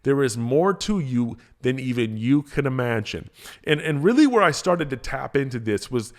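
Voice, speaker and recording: A man's voice: mid-range voice, sing-song, moderate pace. A man hosting a motivational podcast, talking casually with energy, often repeating himself and restarting phrases. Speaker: podcast host, motivational speaker.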